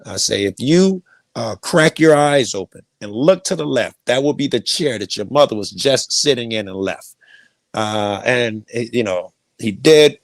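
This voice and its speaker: A man's voice: mid-range voice, animated, a little slow, gravelly, dry recording. A middle-aged man telling a rambling personal story, profane and repeating himself. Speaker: guest storyteller.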